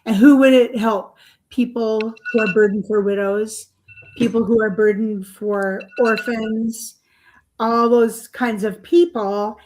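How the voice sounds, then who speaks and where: A woman's voice: a little high, fairly even intonation, takes it slowly, a little mellow, a little hiss or hum. An older woman, an author and guest, telling her story in a rambling, chatty way full of fillers and small laughs. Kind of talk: podcast interview storytelling.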